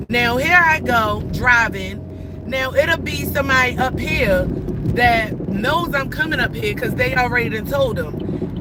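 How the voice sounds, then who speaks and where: A woman's voice: fairly high pitch, low-quality recording. A woman ranting profanely and suspiciously from her car during a live-streamed drive through city traffic. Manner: profane, rambling, suspicious and agitated. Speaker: livestreamer driving a child to school. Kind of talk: live-streamed driving rant. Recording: loud road and engine noise from a car. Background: loud traffic and engine noise.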